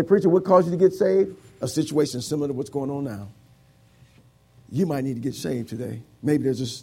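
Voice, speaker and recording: A male preacher delivers a sermon and altar call in a church, pleading and repeating his lines in a steady preaching cadence. His voice is gravelly with a husky edge. The tone is dark and mellow. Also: medium pitch. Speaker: pastor. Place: church sanctuary.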